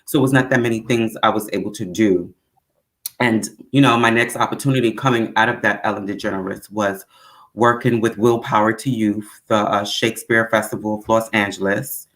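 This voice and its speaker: A woman with a Brooklyn accent telling stories as a guest, animated and full of acted-out quotes. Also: normal speed. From Brooklyn, New York. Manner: animated storyteller, acts out quotes with big pitch swings. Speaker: guest actor. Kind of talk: casual storytelling interview.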